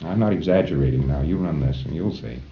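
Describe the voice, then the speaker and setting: A man with a very low voice talks a class through a procedure in a folksy, chuckling manner, acting out little exchanges. The old tape sounds muffled, and the room is echoey. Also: lively intonation, quick pace, gravelly. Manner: folksy, chuckling, acts out dialogues. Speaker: lecturer training auditors. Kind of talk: recorded lecture to a class. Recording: roomy, dull old lecture tape.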